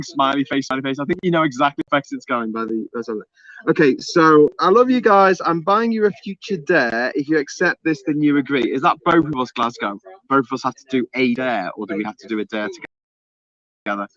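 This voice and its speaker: A man with a Liverpool accent hosting a casual live stream, chatting and reading out viewer comments with jokey excitement. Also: on the high side, moderate pace, highs cut off. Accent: Liverpool (Scouse). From Liverpool, England. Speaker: livestream host.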